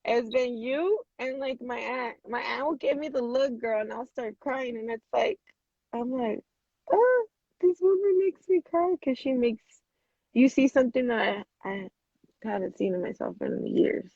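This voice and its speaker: A woman's voice: fairly high pitch, normal speed, vocal fry, breathy edge, dry recording. Chatty woman telling her story on a video call. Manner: animated, many "like" fillers, acts out quotes. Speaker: guest. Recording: dull lo-fi video call audio.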